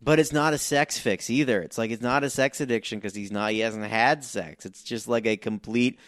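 A man co-hosting a podcast in casual chat, talking haltingly with many restarts and fillers. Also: mid-range voice, a bit bright, no room sound, clean studio sound. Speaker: podcast co-host.

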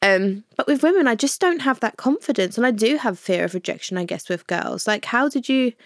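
A woman's voice: fairly high pitch, expressive, fairly quick, no room sound, clean studio sound. A woman guest in a casual podcast chat, chatty and asking for advice, filling her talk with "like". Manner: chatty, asks advice, heavy on "like" fillers.

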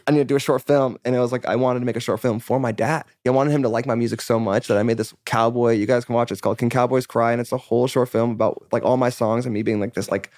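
A man's voice: mid-range voice, steady tone, fast talker, hardly any pauses, darkish tone, no echo, studio quality. A man in his twenties from California, a musician guest telling his story in candid casual chat, rambling and full of "like" and swear words as he acts out his own past conversations.

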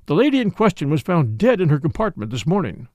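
A man's voice: on the high side, big pitch swings, quick pace, darkish tone, no echo. A man reading an audiobook voices a pompous, self-important French police commissary who speaks formally. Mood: grave.

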